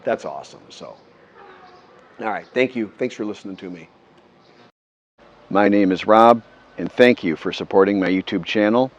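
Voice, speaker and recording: A man with a lowish voice tells a story straight to his viewers, earnest and rambling, often stopping to restart his sentences. The recording is dull and lo-fi. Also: normal speed, long pauses, a little hiss or hum. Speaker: vlogger. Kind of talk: casual storytelling to camera.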